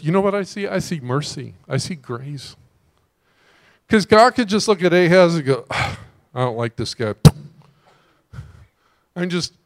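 A man preaching a sermon in a conversational way, breaking into sudden loud exclamations. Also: sits high. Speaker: pastor.

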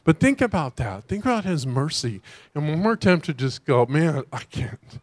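A man preaching a sermon in a conversational way, breaking into sudden loud exclamations. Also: on the high side, sing-song, normal speed. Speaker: pastor.

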